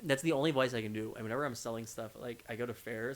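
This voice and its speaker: A young man co-hosting a podcast, rambling and joking in casual chat. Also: mid-range voice. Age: young adult. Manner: rambling, joking, quick asides. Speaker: podcast co-host.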